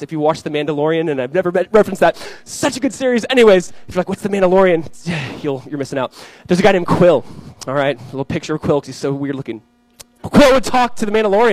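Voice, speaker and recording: A young man delivers a sermon at a quick clip, his voice sitting a bit high. He slips into animated storytelling, acting out the voices in his anecdotes. The recording is close and dry, with almost no room sound. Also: dry recording, rough recording. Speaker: pastor.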